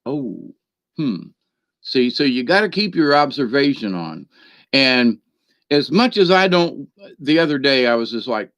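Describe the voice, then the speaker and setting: A man's voice: mid-range voice, very animated, measured pace, a bit bright, no echo. A man hosting a spiritual channel, telling a meandering story at home by his computer, chuckling often and filling gaps with "you know.". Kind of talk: rambling casual storytelling monologue. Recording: dry, slightly dull lo-fi sound.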